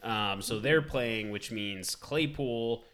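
A man co-hosting a casual fantasy football chat, brisk and matter-of-fact. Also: medium pitch, fairly bright tone. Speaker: podcast co-host.

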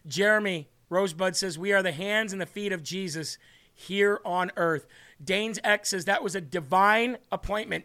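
A male host with a high, ringing voice talks through a live stream, reading out viewer comments and donations. He sounds earnest and excitable and often breaks off to restart a sentence. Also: normal speed. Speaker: host of an online faith show.

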